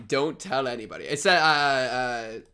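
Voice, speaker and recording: A man's voice: medium pitch, slow, sharp tone, clean tone. A young man on a live stream, chatting casually with viewers, laughing at himself and reacting to what they send in. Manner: giggly, self-mocking, talks straight to chat.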